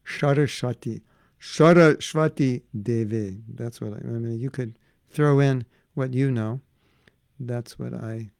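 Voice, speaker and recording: Older man, gravelly voice, dry close sound, casual spiritual teacher. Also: medium pitch, darkish tone, no echo. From United States. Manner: chatty, answers questions from the audience; breaks into chanted prayers. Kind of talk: informal devotional class.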